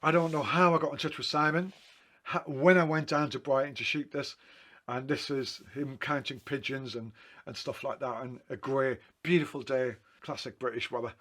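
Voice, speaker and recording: A man's voice: medium pitch, steady tone, moderate pace, fairly bright tone. A man, a photographer, casually telling rambling anecdotes about his photos, often correcting himself mid-sentence. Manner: rambling, self-correcting, chatty. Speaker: photographer talking through his photo book.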